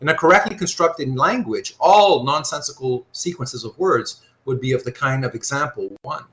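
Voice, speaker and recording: A man teaching a live online philosophy class, working through examples out loud and often checking that his students follow. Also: medium pitch, moderate pace. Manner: animated, thinks aloud with frequent rhetorical checks. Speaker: philosophy lecturer.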